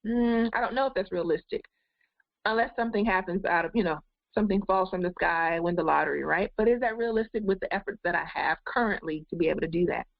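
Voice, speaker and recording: A woman's voice: lowish voice, fast talker, gravelly, no room sound, dull audio. A woman life coach giving an encouraging goal-setting webinar, talking straight to her viewers. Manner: encouraging, addresses viewers directly.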